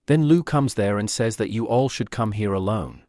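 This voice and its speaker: A man's voice: fairly low pitch, normal speed, darkish tone, dry recording. Dry-voiced man narrating a comic recap. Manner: plain summarizing delivery.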